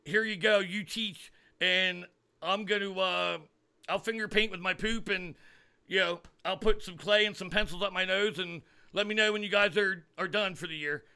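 A sarcastic teacher, as a man puts him on, mocking and exaggerated. The voice runs a little higher and louder than plain talk, with a sharp, forceful edge. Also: steady tone, moderate pace, smooth, exaggerated voice. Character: mocking teacher handing class to toddlers, sarcastic.

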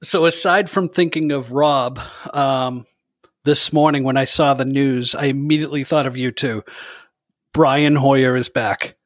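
A man's voice: medium pitch, fairly even intonation, unhurried, no echo. A man in casual chat, telling a rambling story.

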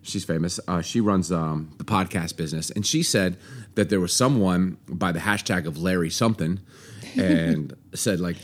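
A man's voice: low-pitched, normal speed. A middle-aged man co-hosting a podcast in casual chat, jokey and teasing, with frequent ums. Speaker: podcast co-host.

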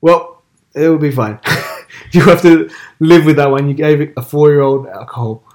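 A man's voice: on the high side, fairly even intonation, normal speed, darkish tone. A young man co-hosting a podcast in casual chat, teasing his co-host and repeating his points.

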